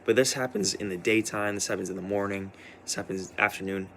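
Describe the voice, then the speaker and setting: A man's voice: lowish voice, fairly even intonation, a little fast, gravelly, fairly bright tone, slight background noise. A tired young man who stayed up all night, rambling in a personal vlog with many restarts and fillers. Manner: hesitant, full of restarts and "like". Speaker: vlogger.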